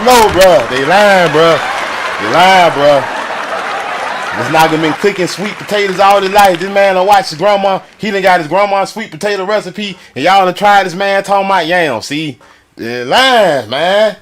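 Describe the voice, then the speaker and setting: A man hosting a reaction video, loud and animated, often shouting and laughing. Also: sits high, moderate pace, a crowd in the background, background noise.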